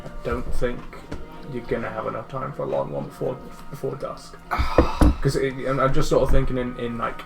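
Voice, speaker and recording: A man at a tabletop game talks hesitantly, restarting his words as he thinks aloud. His voice is gravelly and full of fry. Clear music plays behind him. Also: medium pitch, level tone, moderate pace. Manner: hesitant, stammering. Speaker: player. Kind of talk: casual tabletop game play.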